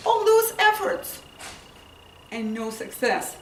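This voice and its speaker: A woman whose first language is not English gives a humorous speech to an audience, telling her story with lively delivery and acting out lines. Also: fairly high pitch, slow pace, pauses often. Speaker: contest speaker. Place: indoor meeting room with audience. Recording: roomy, distant, with noise and audience laughter.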